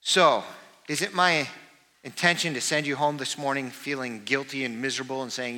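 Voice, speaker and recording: Pastor preaching with a bright, ringing voice. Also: male voice, medium pitch, expressive, moderate pace. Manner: earnest, shifts to soft confiding tones. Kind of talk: sermon. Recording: hall reverb.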